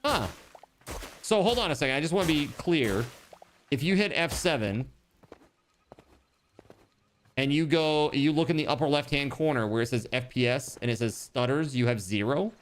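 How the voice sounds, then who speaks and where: A man streaming a game live, chatting casually with his viewers and thinking out loud. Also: mid-range voice, normal speed, pauses often, slight background noise. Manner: chatty, talks to chat, trails off and restarts. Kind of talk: casual live-stream chat while gaming.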